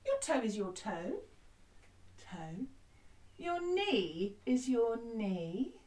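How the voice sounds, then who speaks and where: A woman teaching a children's music lesson in a gentle, encouraging way, often breaking into song. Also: a little high, very animated, drawn-out words. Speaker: primary school music teacher. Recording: echoey room, distant mic.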